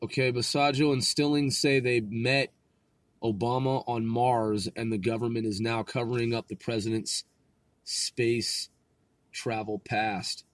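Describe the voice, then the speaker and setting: A man hosting a casual video, reading web pages aloud and commenting as he goes, with many fillers and pauses. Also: medium pitch, steady tone, no echo. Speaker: conspiracy video host.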